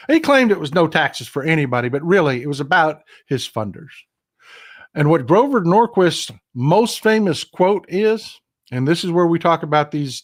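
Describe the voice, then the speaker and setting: Impassioned older male livestream host. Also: a little high. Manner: impassioned, emphatic, repeats phrases; reads viewer comments aloud. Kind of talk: political commentary livestream.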